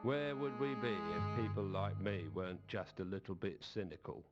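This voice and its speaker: A man's voice: fairly low pitch, moderate pace, close to an everyday voice. An actor playing a suspicious, sardonic city watchman in a video game. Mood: wary. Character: skeptical cynical male city watchman. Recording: dull lo-fi game audio with clear music.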